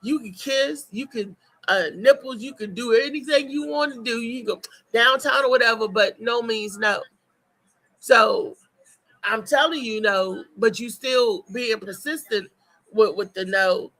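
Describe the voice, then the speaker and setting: A woman hosts a morning show in a loose, talky monologue with a bright, forceful tone. She hammers her points home through repetition and speaks bluntly, cursing freely as she talks straight to her listeners. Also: on the high side, a little slow, rough recording. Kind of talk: casual talk-show monologue.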